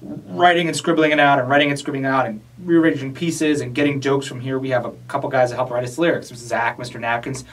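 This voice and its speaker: A man's voice: mid-range voice, steady tone, quick pace, few pauses, fairly bright tone. A man co-hosting a casual studio chat, playful and jokey in his banter. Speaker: co-host of a comedy rap video series. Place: their recording studio. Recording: voice a bit far from the mic.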